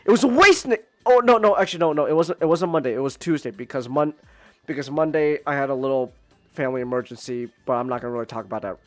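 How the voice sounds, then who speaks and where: A man hosting a casual podcast, ranting and stammering, repeating words and swearing, dropping to mutters then climbing to near-yells. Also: mid-range voice, animated, fast, no echo, faint music behind. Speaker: podcast host.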